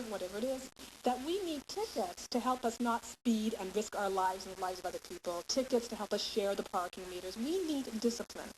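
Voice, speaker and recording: A woman giving a parenting lecture to a class, explaining step by step and often checking in with "okay?". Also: a little high. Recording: hissy lecture recording.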